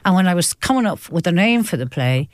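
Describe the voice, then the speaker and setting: Lively older woman telling stories. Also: fairly low pitch, fairly quick, dry recording, clean studio sound. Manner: lively, animated storyteller with frequent laughs and repetitions. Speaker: actress and guest. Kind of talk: chatty interview storytelling.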